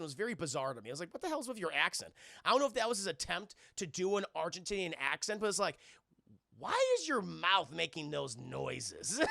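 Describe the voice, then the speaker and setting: A man's voice: sits high, vocal fry, bright, forceful tone, no echo, studio quality. A man streaming a casual, profane movie recap to his chat, rambling and acting out characters' lines. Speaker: streamer reviewing a film for chat.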